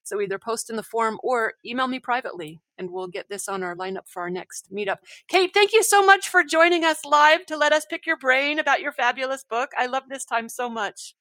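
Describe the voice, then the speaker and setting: A woman hosting an online book club over a video call, effusive and quick to read passages aloud. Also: high-pitched, lively intonation, fairly bright tone, dry recording. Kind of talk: casual online meetup chat.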